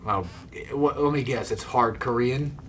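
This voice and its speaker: A man hosting a casual gaming chat, trading quick jokes with a friend. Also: mid-range voice, background noise. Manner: joking, quick banter. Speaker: gaming channel host.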